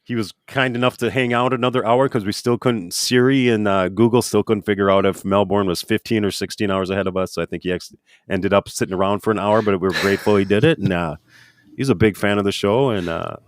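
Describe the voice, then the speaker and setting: A man's voice: lowish voice, quick pace, no echo, clean studio sound. A man hosting a podcast and interviewing a guest in an easygoing way. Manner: easygoing, laughs often. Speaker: podcast host. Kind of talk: casual interview.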